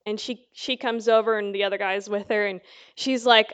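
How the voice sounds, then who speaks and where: A woman's voice: on the high side, normal speed, smooth. A woman teaching the Bible in a casual, conversational sermon, telling a story with lots of fillers. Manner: chatty storytelling with many fillers.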